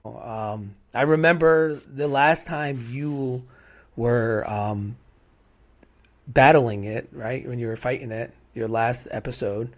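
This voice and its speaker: A man's voice: medium pitch, slow. A middle-aged man from hosting a podcast in casual, heartfelt conversation, rambling and asking "right?" again and again. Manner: rambling, repeats "right?" often. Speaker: podcast host.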